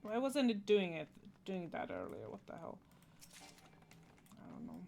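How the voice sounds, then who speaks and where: A woman's voice: mid-range voice, wildly swooping pitch, measured pace, gravelly, darkish tone, soft background music. A woman streaming a game, muttering and swearing casually at what is happening on screen. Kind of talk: casual gameplay commentary.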